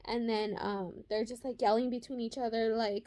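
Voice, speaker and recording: Young woman vlogger, slightly high voice, emotional casual storytelling with lots of "like" and "um". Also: steady tone, warm tone. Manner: emotional, fast-paced retelling with many fillers. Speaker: vlogger telling her birth story.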